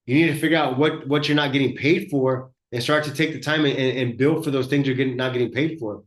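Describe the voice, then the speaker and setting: A man's voice: medium pitch, fairly even intonation, quick pace, reverberant. A man hosting a live business workshop, talking bluntly and conversationally as he coaches other shop owners, often repeating words as he goes. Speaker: host and auto body shop owner.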